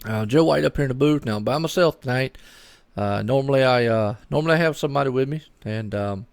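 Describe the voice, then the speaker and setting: A male race commentator calls a live sim race by himself, chatting in a folksy, upbeat way. His voice has a gravelly, creaky texture. He rambles and often repeats words. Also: medium pitch, brisk, no echo.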